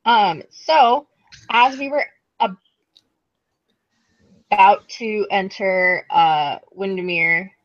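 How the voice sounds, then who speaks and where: A woman's voice: mid-range voice, very slow, long pauses, no echo, lo-fi sound. A woman recapping a tabletop game session in casual chat, rambling with lots of "um" and "like". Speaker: player recapping the last session.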